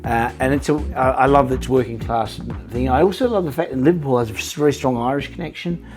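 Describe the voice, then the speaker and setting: A man's voice: medium pitch, fast, over music. An Australian man as an interview guest, chatting animatedly with frequent restarts. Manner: animated storyteller with many restarts. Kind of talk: casual interview chat.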